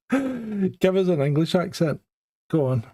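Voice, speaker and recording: A man's voice: high voice, sing-song, takes it slowly, a little mellow, no echo. A man hosting a podcast in casual chat, teasing his guest and laughing often. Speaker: podcast host.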